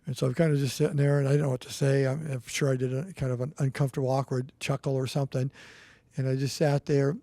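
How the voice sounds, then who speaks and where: Middle-aged guy rambling through a story on a podcast mic, mellow dry sound. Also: medium pitch, level tone, quick pace, no echo. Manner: rambling, restarts, earnest storytelling. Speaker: podcast co-host. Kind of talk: casual storytelling chat.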